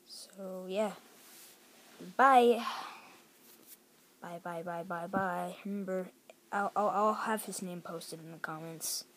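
A woman's voice: on the low side, steady tone, unhurried, fairly bright tone. A teenage girl rambling chattily in a casual home vlog from a bedroom. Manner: rambling, chatty, lots of fillers and restarts. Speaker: vlogger.

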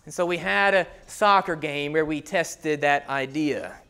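Animated high-voiced pastor telling a story. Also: male voice, unhurried, smooth. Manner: animated storytelling, acts out shouts and hushed asides. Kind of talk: sermon with personal story.

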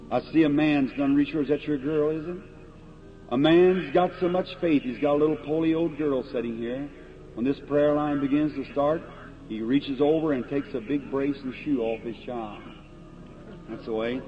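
Earnest folksy preacher on old tape. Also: male voice, a little high. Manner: folksy, plain-spoken, earnest, calling out to the crowd. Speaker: evangelist preacher. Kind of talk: old-time revival sermon and prayer line. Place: large meeting hall before an audience. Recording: dull lo-fi archival tape with faint hiss.

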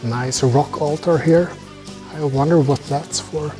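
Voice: medium pitch, a little slow. Playful vlogger over background music. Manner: playful, jokey asides, chatting to animals. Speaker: travel vlogger. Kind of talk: casual vlog narration. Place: outdoors at a zoo.

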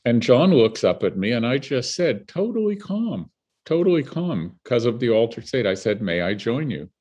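An older Canadian filmmaker, a guest in a conversational interview, tells stories in a mid-range voice at normal speed with a breathy edge. He is an animated storyteller who acts out the people he quotes, and the recording is muffled.

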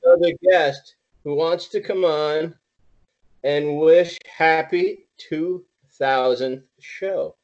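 Radio co-host, high voice, joking and rambling, muffled sound. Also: male voice, fairly even intonation, slow pace, darkish tone. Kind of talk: casual radio chat.

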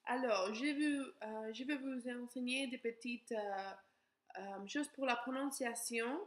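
A young woman with a somewhat high voice teaches beginner French, moving between French and English. She slows down to model pronunciation. The recording has a roomy echo. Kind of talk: recorded class lesson.

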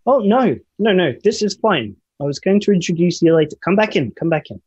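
A man's voice: mid-range voice, measured pace, darkish tone, husky, highs cut off. A man voicing a self-important young male student council president, eager and officiously polite.

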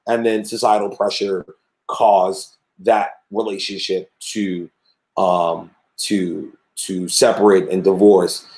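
A man hosting an interview podcast, recapping and framing questions in a halting way with many repeated words. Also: sits low, level tone, a little mellow. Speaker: podcast host. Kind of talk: conversational interviewing. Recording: roomy echo.

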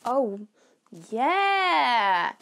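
A woman vlogger chatting through an unboxing, excitable and gushing, with lots of fillers. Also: high voice, extremely slow, vocal fry. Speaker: YouTube beauty vlogger. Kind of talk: unboxing vlog chat.

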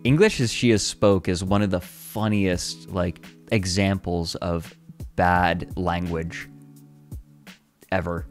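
An American man chatting casually on a livestream, playful and quick to laugh. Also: sits low, faint music behind. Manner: laughs a lot, playful, lively. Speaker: streamer.

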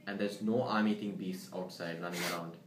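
A man's voice: low voice, steady tone, a little fast, lightly acted. Brief: young man as an eager, fact-reciting applicant, roomy sound. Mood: earnest. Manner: earnest, reciting facts in long runs. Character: earnest male job applicant Raj. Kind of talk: amateur comedy sketch acting. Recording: roomy, faint background noise.

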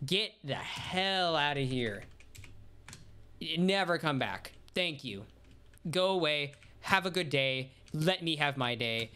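A woman streamer giving casual commentary over her gameplay, talking to herself and swearing and yelling when she gets frustrated. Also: extremely low pitch, takes it slowly, slight background noise. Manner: talks to herself while playing. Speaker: gaming streamer.

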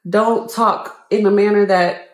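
A woman's voice: mid-range voice, fairly even intonation, a little slow, roomy sound. A woman co-hosting a casual commentary chat, emphatic and profane, often repeating herself for stress. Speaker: co-host.

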